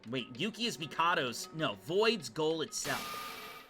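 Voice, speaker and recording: A man's voice: a little high, very animated, measured pace, sharp tone, faint music behind, exaggerated voice. A man reading a blunt scheming schoolboy. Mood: matter-of-fact.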